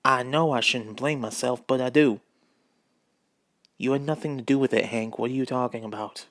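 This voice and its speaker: A man's voice: mid-range voice, fairly even intonation, normal speed, a bit bright, no echo, clean studio sound. A man reading a children's book aloud at home, putting on a drawl for the dog narrator and breaking off to mock the text. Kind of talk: reading aloud with joking asides.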